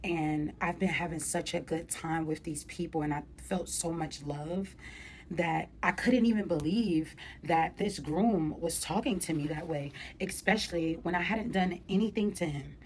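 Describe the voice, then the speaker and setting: A woman's voice: fairly low pitch, unhurried, slight background noise. A woman vlogger telling a personal story in casual, emotional slang. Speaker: commentary vlogger. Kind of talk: storytime vlog.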